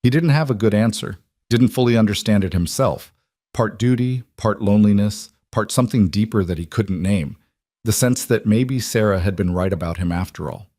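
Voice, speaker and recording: A man reading a frontier story aloud as narrator, in a steady, measured storytelling manner. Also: on the low side, no echo, studio quality. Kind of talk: scripted narration of a western story.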